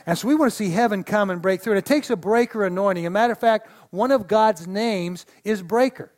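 A man's voice: high-pitched, brisk, a little mellow. A middle-aged man, an associate pastor, preaching a sermon in a church with folksy storytelling and call-and-response. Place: church sanctuary.

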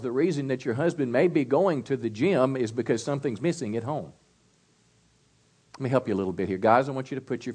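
A man's voice: medium pitch, a little mellow. Folksy preaching man, call-and-response. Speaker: pastor. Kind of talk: sermon.

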